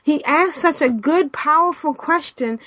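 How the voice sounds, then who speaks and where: A woman hosting a podcast in casual chat, animated and chatty, laughing often, talking over a remote call mic. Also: high voice, unhurried, dry recording. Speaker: podcast host.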